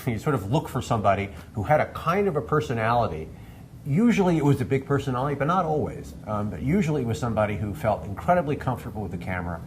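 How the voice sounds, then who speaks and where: A documentary filmmaker answering interview questions in a rambling way, with many restarts. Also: male voice, medium pitch, a little hiss or hum.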